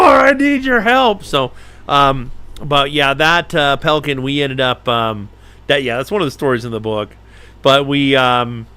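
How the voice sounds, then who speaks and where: A middle-aged man telling a story to a live-stream audience, animated and acting out the voices of the people in it. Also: medium pitch. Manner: animated, acts out voices in his stories. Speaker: falconer hosting a live stream. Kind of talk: casual storytelling.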